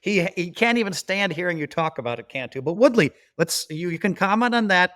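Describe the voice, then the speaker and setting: A man's voice: sits high, expressive, a little fast, a bit bright. A man hosting a podcast, steering the conversation and calling on the others. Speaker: host. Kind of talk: moderating podcast talk.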